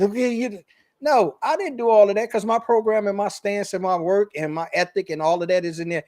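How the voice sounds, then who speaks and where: A man with a Chicago accent hosting a casual business talk show, animated and slangy, laughing often. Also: sits high, fairly quick, no echo. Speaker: podcast host. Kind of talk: casual chat.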